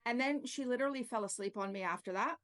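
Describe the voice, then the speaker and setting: A middle-aged woman who works as a reflexologist speaks in an easy, chatty way, her voice sitting slightly high. She slips between telling a story and plain teaching, checking in with "okay?" and filling gaps with "like.". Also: quick pace, a bit bright. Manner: chatty, peppers talk with "like" and "okay?". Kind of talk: casual storytelling and explanation.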